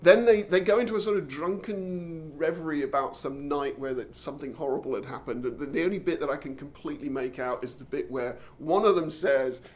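A man hosts a podcast in casual storytelling mode. His voice sits a bit high, and he is eager and animated. He restarts and stumbles often as the ideas run ahead of him. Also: fairly quick, few pauses. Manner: enthusiastic, with frequent restarts and stumbles. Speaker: podcast host.

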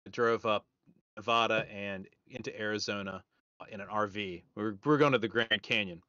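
A man's voice: on the low side, steady tone, a little fast, bright, forceful tone, dry recording. A man hosting a podcast, chatting casually and tossing in dry quips. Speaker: podcast host. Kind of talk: casual chat. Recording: dull lo-fi audio.

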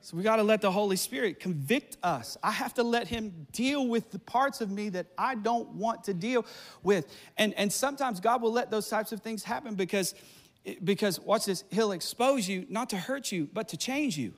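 Middle-aged male pastor, very high voice, animated sermon storytelling. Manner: animated storytelling with laughs and quick asides.

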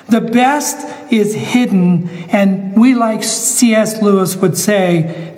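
A man's voice: high voice, darkish tone, big-room sound, poor audio. A male pastor delivering a sermon, emphatic, repeating phrases and asking the listeners questions.

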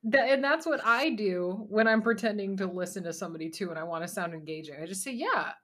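A woman's voice: medium pitch, fast, a bit bright. A woman hosting a podcast in casual chat, dry and amused, laughing easily. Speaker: podcast host.

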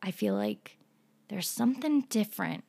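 A woman's voice: mid-range voice, huge pitch swings, moderate pace, creaky, mellow, husky. A young woman hosting her own podcast, talking casually with strong opinions, rambling a little and laughing often between points. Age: young adult. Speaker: podcast host. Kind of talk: casual solo podcast monologue.

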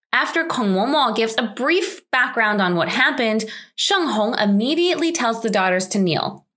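A woman's voice: a little high, a bit bright. A woman hosting a drama recap, narrating scripted commentary in a wry, chatty, lightly sarcastic way.

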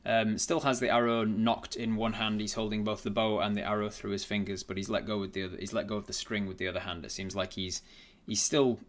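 Low-voiced, hesitant male game master. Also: level tone, fairly quick, hardly any pauses. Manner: hesitant, many fillers and restarts. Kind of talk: narrating a tabletop game.

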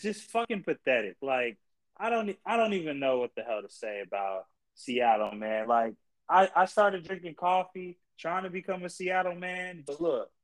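A young man co-hosting a casual sports podcast, ranting in exasperation and swearing constantly, his pitch jumping high when he gets worked up. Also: rough recording. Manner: profane, exasperated ranting with big pitch jumps. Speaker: podcast co-host.

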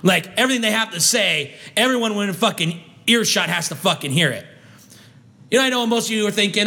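A vlogger man on an angry, foul-mouthed rant. His voice sits high and sounds bright and sharp. He keeps tripping over his words as he restarts his sentences in frustration. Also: expressive, brisk. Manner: heated, swearing constantly, stumbling restarts.

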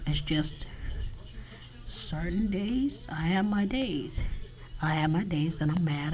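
A man talking alone on his podcast in a halting confessional monologue, often dropping to a whisper and swearing. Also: a little high, a little mellow, rough recording. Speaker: podcast host.

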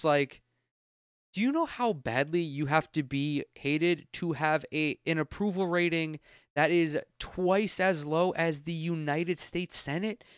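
A man's voice: on the high side, clean tone, dry recording, clean studio sound. A man hosting a solo podcast from a room at home, giving blunt, opinionated commentary full of swearing. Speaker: podcast host. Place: room at home with windows open.

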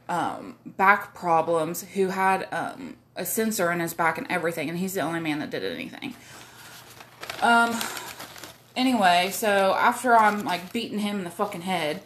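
A woman's voice: on the low side, a bit bright, a little hiss or hum. A woman, telling a personal story in a rambling way, full of swearing, fillers and asides.

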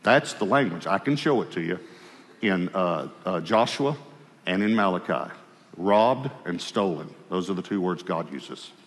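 A man preaching in a church hall with a long reverb trailing his words. His voice sits on the low side. He tells his story with lively acted-out exchanges and sinks into a quiet, low tone whenever he speaks as God. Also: measured pace. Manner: animated storyteller, acts out dialogue, dropping low and quiet for God's voice. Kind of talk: sermon storytelling.

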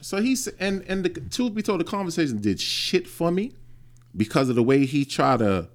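A man's voice: a little high, sing-song, moderate pace. A man in his late thirties hosting a podcast, telling a personal story in a blunt, profane way. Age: 30s. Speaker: podcast host. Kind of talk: casual chat.

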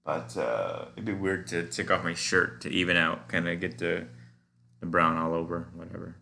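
Male podcast host, deep voice with fry, rambling halting monologue. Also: sharp tone, slight background noise. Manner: musing, meandering, halting with many fillers. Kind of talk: casual rambling solo monologue.

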